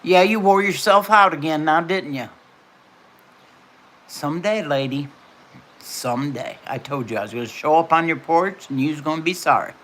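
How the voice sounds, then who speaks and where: A woman's voice: sits low, brisk, hardly any pauses, a bit bright. An older woman hosting a casual livestream from home, chatting and answering her viewers' comments by name. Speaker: livestream host.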